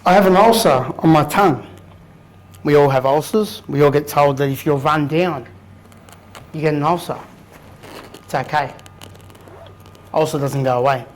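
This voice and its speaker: The audio is poor as a slightly high-voiced Australian man in his thirties, appearing as a guest speaker, tells a live room his own story. He speaks at a normal speed with long pauses, blunt and candid, with casual swearing.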